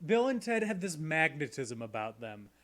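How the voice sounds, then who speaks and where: A man's voice: fairly high pitch, sing-song, moderate pace, fairly bright tone. A man co-hosting a podcast, casually recapping and joking with light laughs. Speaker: podcast co-host. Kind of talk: casual chat.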